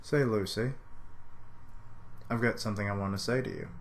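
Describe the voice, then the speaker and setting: A brash, cheerful young male wizard talks bluntly and with upbeat energy, as a man reads his part. The voice is low-pitched and plain, with a faint background hum. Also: steady tone, normal speed, lightly acted. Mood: eager.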